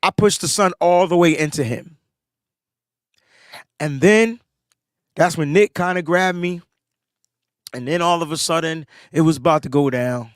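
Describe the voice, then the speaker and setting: A man, a podcast co-host, telling a sports story in casual chat, animated and rising in pitch when he gets excited, a bit under the weather. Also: measured pace, long pauses, clear, resonant tone, no room sound, studio quality.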